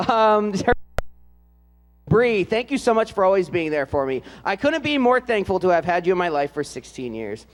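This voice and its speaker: A man announcing at a ceremony and reading aloud, in a relaxed, joking way with frequent hesitant "uh" fillers. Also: high voice, moderate pace, big-room sound. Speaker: announcer introducing band seniors.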